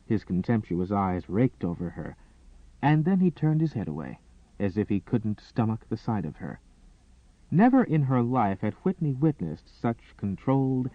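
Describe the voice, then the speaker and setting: A man narrating a romance audiobook in a dramatic, expressive reading style. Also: on the low side, dry recording. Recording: dry, tinny phone-like sound.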